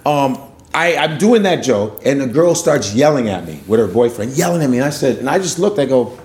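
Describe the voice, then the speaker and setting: A male stand-up comedian telling stories in casual chat, animated and profane, acting out the voices of the people in his stories. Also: mid-range voice, normal speed. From United States.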